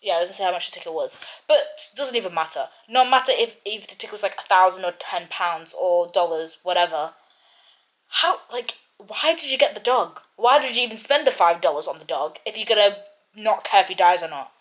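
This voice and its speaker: A woman's voice: mid-range voice, animated, a little fast. Young woman, casual book vlogger; talkative, worked-up rant. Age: young adult. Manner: chatty, ranting, lots of "like" and "literally". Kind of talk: casual chat and reading aloud.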